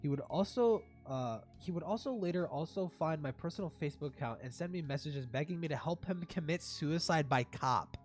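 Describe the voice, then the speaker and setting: A young adult streamer giving casual reaction commentary, laughing often and swearing a lot in an excitable way. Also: medium pitch, fairly quick, hardly any pauses.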